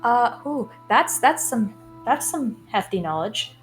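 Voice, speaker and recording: Playful higher-voiced woman player. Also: animated, slow pace, soft background music. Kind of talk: casual tabletop play chat.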